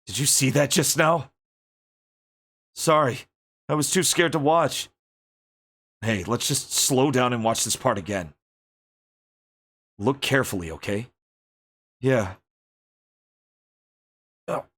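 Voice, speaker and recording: Excitable man narrating a game stream. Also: medium pitch, takes it slowly, long pauses, slightly rough. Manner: excitable, reads game dialogue aloud in character. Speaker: livestreamer. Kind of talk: let's play commentary.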